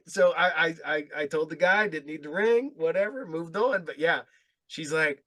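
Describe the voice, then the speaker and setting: A man hosting a podcast, telling stories in a laid-back, halting way during casual chat. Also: on the high side, pushed and bright. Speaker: podcast host.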